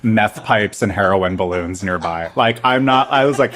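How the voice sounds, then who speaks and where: A young American man co-hosting a comedy podcast, teasing his friend and telling stories in an animated way. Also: fairly low pitch, normal speed, hardly any pauses. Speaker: podcast co-host. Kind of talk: casual comedic chat.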